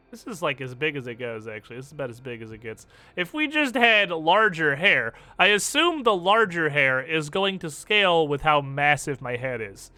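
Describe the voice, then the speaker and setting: Recorded dry, a young man with a voice on the high side streams a game and talks through his choices in casual commentary, animated, joking, and freely swearing.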